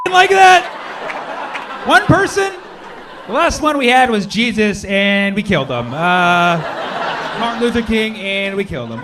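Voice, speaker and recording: Lively high-voiced stand-up man. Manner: animated, fires questions at the audience. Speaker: stand-up comedian. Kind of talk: stand-up set. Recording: noisy live recording.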